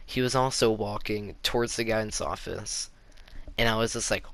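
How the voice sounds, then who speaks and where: A man's voice: fairly low pitch, steady tone, a little fast, a bit bright, no room sound. A teenage boy telling a casual story-time tale to his viewers, rambling with lots of "like" fillers. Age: teens. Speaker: YouTuber.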